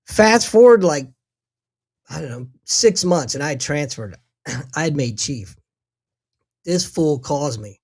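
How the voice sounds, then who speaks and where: A man's voice: a little high, animated, slow pace, long pauses, breathy edge. A middle-aged man telling a profane war story in casual chat, acting out the quotes.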